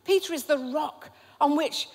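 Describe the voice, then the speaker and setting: A woman preaches from the front of a church, her voice sitting high and ringing out into a long hall reverb. She drives her points home with emphatic, repeated phrases. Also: unhurried. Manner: emphatic, repetitive preaching cadence. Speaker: pastor. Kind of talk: sermon.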